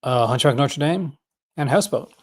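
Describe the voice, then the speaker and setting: A man's voice: mid-range voice, fairly quick. A man hosting a casual livestream, rambling enthusiastically and often correcting himself mid-sentence. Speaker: host.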